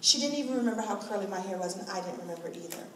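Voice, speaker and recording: A middle-aged woman speaking to an event crowd, telling a personal story in an animated way and acting out the voices she quotes. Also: medium pitch, very fast, slight background noise. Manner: expressive, acts out quoted voices, laughs often. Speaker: guest speaker at a hair event. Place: large event room. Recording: echoey hall from far off.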